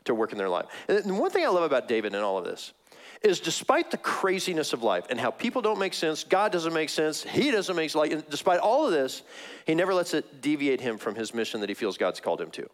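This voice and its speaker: Lively conversational male pastor preaching. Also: a little high, fairly quick. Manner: conversational, acts out voices of biblical figures, laughs. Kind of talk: sermon.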